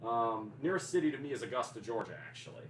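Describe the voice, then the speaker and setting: A man with an easygoing Southern American accent chats on a livestream, ribbing his viewers and reading their comments aloud. His voice sits at an ordinary middle pitch. A faint hiss stays under it. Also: expressive, fast talker, a bit bright, rough recording. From Deep South of the US. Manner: joking, teasing, reading chat aloud. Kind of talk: casual livestream chat.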